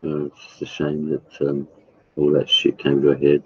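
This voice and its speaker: A man chatting casually with his live stream viewers, blunt and profane, halting with fillers. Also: very deep voice, completely flat delivery, breathy edge, highs cut off. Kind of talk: casual chat.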